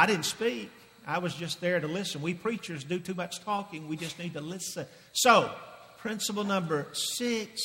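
A male preacher giving an emphatic sermon, repeating points and swinging from loud declarations to hushed asides. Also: fairly high pitch. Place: church sanctuary. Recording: long reverb of a large hall.

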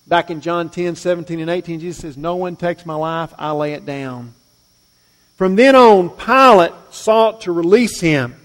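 Man, pastor preaching, fairly high voice, long hall reverb. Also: moderate pace. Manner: preaching with big swings between loud emphasis and quiet, low asides. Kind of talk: sermon.

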